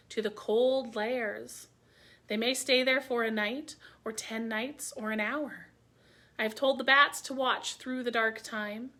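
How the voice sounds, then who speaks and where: Chil: woman voicing a high-calling kite bird. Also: pushed and bright. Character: excitable male kite, a swooping messenger bird.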